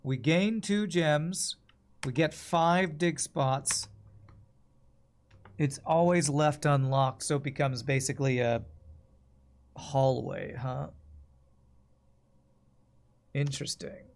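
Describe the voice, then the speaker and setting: A man's voice: fairly high pitch, takes it slowly, long pauses. An American man streaming a video game, thinking aloud in casual, rambling commentary. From United States.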